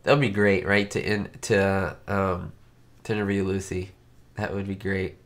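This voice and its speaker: A man's voice: deep voice, level tone, normal speed. A man hosting a live-stream chat, his voice nasal and congested from a cold, talking in a chatty, rambling way with many fillers. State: sick, congested. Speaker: YouTube host. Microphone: webcam setup.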